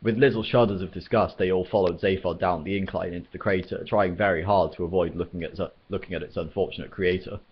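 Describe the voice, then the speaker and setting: Deep, husky male storyteller, steady read, dull lo-fi recording. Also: fast talker, hardly any pauses. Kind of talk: reading a novel aloud.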